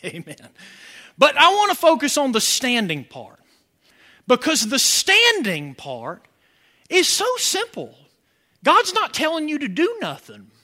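A man's voice: extremely high pitch, wildly swooping pitch, measured pace, pushed and bright. A man preaching a sermon as pastor, asking the congregation questions and building to emphatic points. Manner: preaching with rising emphasis and call-and-response questions.

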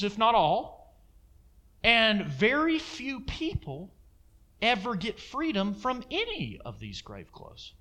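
A man's voice: high-pitched, pushed and bright. A man preaching a sermon in an emphatic way, throwing asides like "amen?" to his congregation.

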